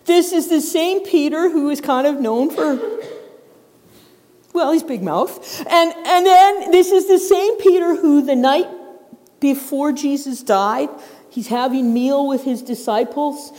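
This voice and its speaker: A middle-aged woman preaching a sermon in a church, telling the story in a lively way and acting out the characters' voices. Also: sits high, unhurried. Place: church sanctuary. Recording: long reverb of a large hall.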